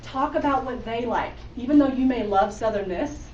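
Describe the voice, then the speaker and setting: A woman's voice: fairly high pitch, moderate pace, darkish tone, a little hiss or hum. A woman from Oregon giving a motivational sales talk to a group, chatty and laughing, speaking to the audience directly. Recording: echoey room, distant mic, dull sound.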